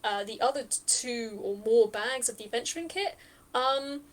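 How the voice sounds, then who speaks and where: A woman narrating a tabletop game as game master, lively and chatty. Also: a little high, normal speed.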